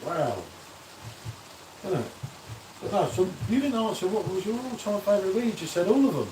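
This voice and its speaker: A man's voice: high voice, lively intonation, normal speed. Man, casual live-stream banter, echoey room, faint background hum. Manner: chatty, banters and reads out viewer comments. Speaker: beer reviewer hosting a live stream. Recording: echoey room, distant from the mic.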